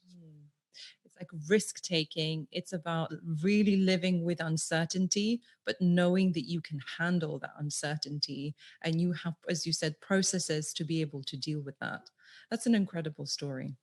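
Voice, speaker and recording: A woman with a fairly low voice hosts an interview. She asks her questions slowly and thoughtfully, in a measured tone. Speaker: podcast host.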